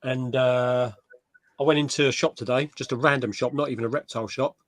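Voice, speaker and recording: A man's voice: mid-range voice, fairly even intonation, a little fast, dry recording. A man co-hosting a live stream, chatting casually and laughing easily. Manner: easygoing, laughs often. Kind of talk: casual chat.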